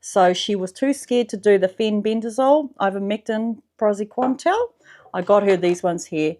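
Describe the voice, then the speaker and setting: A woman with a New Zealand accent telling her own story in a loose, chatty vlog style. She swears freely and leans on slang. Her voice sits in a middle pitch and at times drops to a soft, hushed tone. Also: expressive, moderate pace. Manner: drops to a soft, low voice in the spiritual parts. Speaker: vlogger. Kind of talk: casual personal testimonial.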